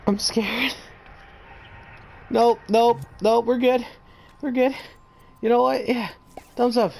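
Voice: mid-range voice, steady tone, takes it slowly, gravelly, a little mellow. A gamer giving commentary on a horror game, jumpy and slangy, talking to the monsters and breaking into panicked repeated screams.

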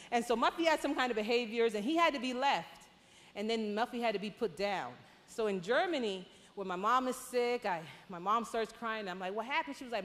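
A woman from Panama giving a lively, conversational testimony at a women's conference, with sudden excited outbursts. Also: on the high side. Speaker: conference speaker. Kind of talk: testimony talk. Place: large church hall. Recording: hall reverb.

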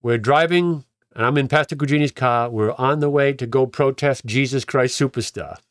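This pastor speaks at medium pitch and a moderate pace as he tells his own story in a conversational manner. He repeats words and acts out quoted dialogue from people he met. The studio-quality recording has no echo.

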